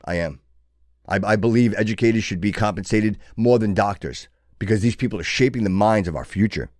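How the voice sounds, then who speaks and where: A man hosts his own show in a lowish, slightly quick, somewhat mellow voice, recorded cleanly in a studio with no echo. His motivational monologue is impassioned and preachy, building to fervent exhortation while he keeps restarting his sentences.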